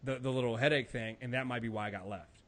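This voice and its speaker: A man co-hosting a casual TV recap podcast, animated and prone to repeating words and swearing. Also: medium pitch, quick pace. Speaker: podcast co-host. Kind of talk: casual chat.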